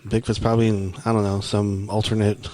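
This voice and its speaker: A man's voice: fairly low pitch, level tone, fairly quick, darkish tone, no echo. A man with a Texan accent co-hosting a podcast, chatting casually and rambling with lots of fillers. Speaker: podcast co-host. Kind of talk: casual chat.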